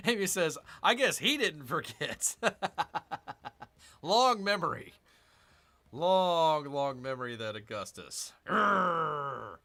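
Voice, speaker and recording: A man streaming a strategy game, talking casually through each move. His voice is bright and bouncy, with muttered grumbles at the game and playful growls tossed in. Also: mid-range voice. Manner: chatty, muttering asides, playful mock growls. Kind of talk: casual live gameplay commentary.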